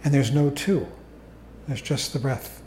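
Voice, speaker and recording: A man giving a calm, unhurried dharma talk as a meditation teacher to a group. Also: mid-range voice, a little hiss or hum. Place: meditation hall. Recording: echoey room recording.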